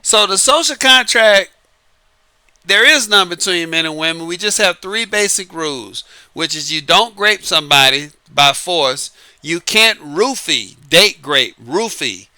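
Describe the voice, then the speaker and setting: Man, New Orleans Southern accent, slightly high voice, smooth resonant tone, emphatic, casual advice monologue. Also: animated, measured pace, sharp tone, dry recording. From New Orleans, Louisiana. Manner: emphatic, repeats key points, chuckles between lines. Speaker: dating advice author.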